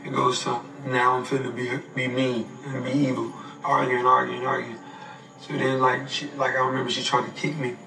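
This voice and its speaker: A man's voice: medium pitch, flat delivery, normal speed, echoey room, far from the mic, over music, poor audio. A man giving a documentary interview, telling a story in casual slangy speech.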